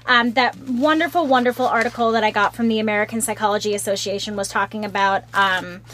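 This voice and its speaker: A woman's voice: mid-range voice, steady tone, quick pace, a bit bright, a little hiss or hum. A woman co-hosting a casual podcast discussion, earnest, reading from her notes with restarts. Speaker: podcast co-host.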